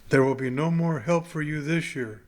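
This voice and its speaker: A man voicing a friendly young male baseball pitcher who trades good-natured jabs with a teammate. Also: normal speed, lightly acted. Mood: bantering. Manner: warm, then sarcastic.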